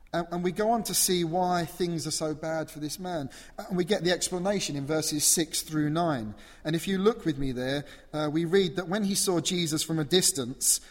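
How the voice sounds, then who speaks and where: A man delivers a sermon in a slightly high voice, earnest and emphatic, working through his points with rhetorical questions. His words ring out with the long echo of a large church hall. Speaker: preacher.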